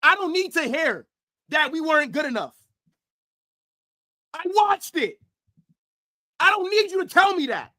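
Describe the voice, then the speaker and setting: A man ranting angrily on a football livestream, profane, swinging from shouts to low mutters. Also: very animated, a little slow, pauses often. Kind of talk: livestream rant.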